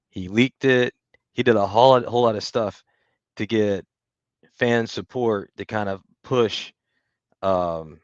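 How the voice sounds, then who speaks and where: A man's voice: on the low side, no room sound. A man co-hosting a comics podcast in casual chat, who tells his points in a thoughtful, hedging way. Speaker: podcast co-host. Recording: dry, dull lo-fi mic.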